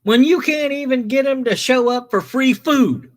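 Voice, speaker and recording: A man's voice: very high voice, normal speed, voice pushed up. A man voicing an incredulous older male newspaper editor, exclaiming and swearing in a raised voice.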